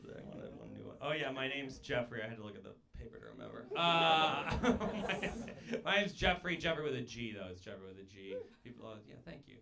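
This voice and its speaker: A man's voice: mid-range voice, lively intonation, brisk, gravelly. A man in his thirties performing a brash, crude stand-up comedy set with mocking crowd work on a club stage. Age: 30s. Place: comedy club stage before a live audience. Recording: live club recording with loud crowd laughter. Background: loud audience laughter.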